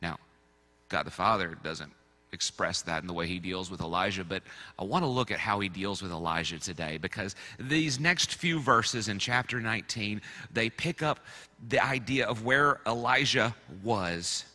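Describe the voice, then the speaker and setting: A man's voice: fairly low pitch, moderate pace, sharp tone, long reverb tail. A man preaching a sermon as pastor, conversational with playful asides. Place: church sanctuary.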